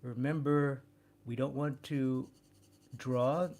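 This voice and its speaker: Gravelly-voiced man teaching drawing. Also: medium pitch, fairly even intonation, slow, darkish tone. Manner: thinks aloud while drawing, repeats words. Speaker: drawing instructor. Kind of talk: live drawing demonstration.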